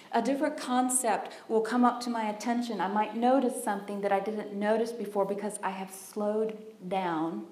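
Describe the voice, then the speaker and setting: A woman's voice: medium pitch, darkish tone, roomy sound. A woman giving an informal Bible teaching in a conversational, homespun way, with fillers and restarts. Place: teaching room with a group.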